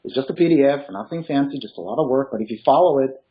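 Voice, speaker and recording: A fast-talking real estate coach of medium pitch, not a native English speaker and carrying a faint Eastern European accent, sounds animated, emphatic, and motivational in a casual interview. He laughs easily, and the sound is lo-fi.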